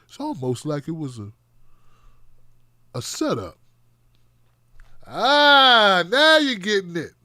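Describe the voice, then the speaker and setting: Male live-stream host, high voice, bone-dry sound; sarcastic, animated chat-reading. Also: measured pace, pauses often, no echo. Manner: animated, sarcastic, swinging between loud outbursts and muttering. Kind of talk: live-stream commentary reading viewer comments.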